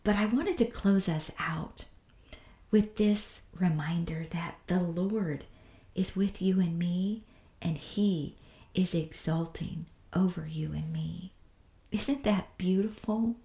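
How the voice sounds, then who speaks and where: A woman teaching a devotional Bible lesson in an earnest, gentle manner, often dropping to a soft hush. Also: fairly low pitch, steady tone, slow pace, vocal fry, reverberant. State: tearful.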